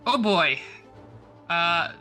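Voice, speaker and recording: A man playing in a tabletop game, narrating his character's moves slowly with lots of fillers. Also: on the high side, expressive, sharp tone, soft background music. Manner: slow, drawn-out narration with frequent fillers. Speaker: player. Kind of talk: describing actions in a tabletop game.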